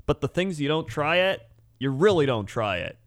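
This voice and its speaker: A man's voice: a little high, lively intonation, normal speed, no room sound, clean studio sound. A man co-hosting a casual podcast chat, rambling through stories with lots of "like" and frequent laughter. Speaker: podcast co-host.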